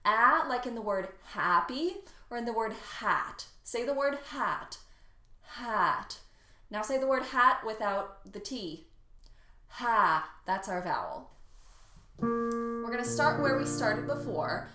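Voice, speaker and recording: A woman teaching a singing warm-up lesson, patient and encouraging, demonstrating vowels by singing them. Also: fairly high pitch, lively intonation, measured pace. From Ohio, United States. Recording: roomy sound with loud piano accompaniment.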